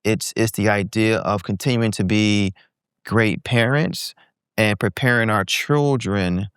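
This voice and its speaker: On a podcast, an entrepreneur in his forties shares a candid story at an unhurried pace, doing lively impressions whenever he quotes someone. He has a smooth, resonant, slightly low voice, recorded close and dry with no room ambience.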